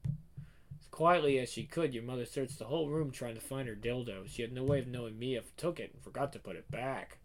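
A man's voice: medium pitch, brisk. A man narrating an audio story in the second person, in a casual, conversational way.

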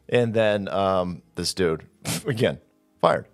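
A man's voice: low-pitched, lively intonation, slow pace, vocal fry, soft background music. A man giving heated, sarcastic and profane commentary as he reads out posts. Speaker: online political commentator. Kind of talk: ranting commentary reading out posts.

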